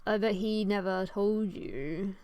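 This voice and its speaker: A woman's voice: mid-range voice, slow, darkish tone, smooth, no echo. A woman voicing a cocky, mind-reading hedgehog girl who swears and mocks her enemy with scorn, in a light, everyday voice close to her own. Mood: smug taunting.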